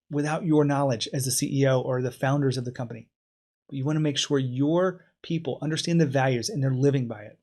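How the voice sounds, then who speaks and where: A man's voice: a little high, darkish tone. Man hosting a business interview show. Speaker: podcast host. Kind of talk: interview host with solo commentary.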